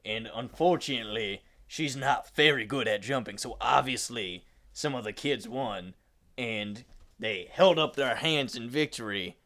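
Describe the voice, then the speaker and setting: A man with a medium-pitched, sharp-toned voice who speaks unhurriedly. As a panelist on a comedy podcast, he improvises absurd stories and delivers them in a matter-of-fact, casual way.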